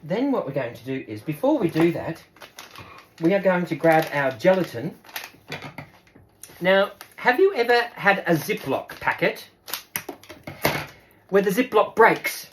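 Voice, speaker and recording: A man's voice: sits high, fairly bright tone, slight background noise. Chatty Australian man demonstrating kitchenware. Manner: chatty and upbeat, talking straight to viewers. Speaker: cooking demonstrator. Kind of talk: casual cooking demonstration.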